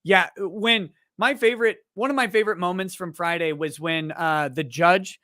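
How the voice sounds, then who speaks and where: A man hosting a casual livestream, reading viewer chat messages aloud and joking, often restarting his sentences and growing animated in his stories. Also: high-pitched, no echo, clean studio sound. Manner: rambling and joking, with halting restarts; animated when telling stories. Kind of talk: casual live-stream chat.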